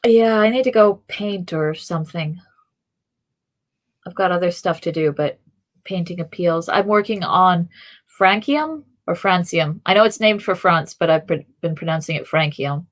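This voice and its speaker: A young woman co-hosting a podcast in a loose, rambling way. Her voice sits fairly low, and she circles her ideas with fillers and false starts as she chats. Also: normal speed. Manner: rambling, thinks aloud with fillers and restarts. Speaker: podcast co-host. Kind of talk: casual chat.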